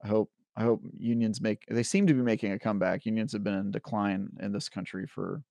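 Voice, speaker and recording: A man with a lowish, gravelly voice co-hosts a podcast, giving opinions in a joking, offhand way. His voice is close and dry, with no room echo. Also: steady tone, brisk, dark tone, dull audio. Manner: opinionated and joking, with restarts and fillers. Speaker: podcast co-host. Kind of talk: casual chat.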